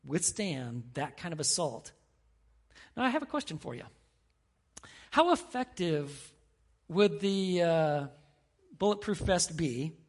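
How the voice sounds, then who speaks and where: A middle-aged man preaching a sermon as pastor, telling stories with animated quoted voices. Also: on the high side, vocal fry, breathy edge.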